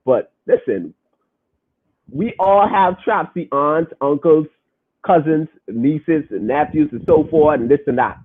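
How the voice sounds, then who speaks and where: A man's voice: on the high side, expressive, slow, slightly rough, narrow, tinny audio. A man hosting a podcast, preaching emphatically and repeating his points as he reads comments from the chat.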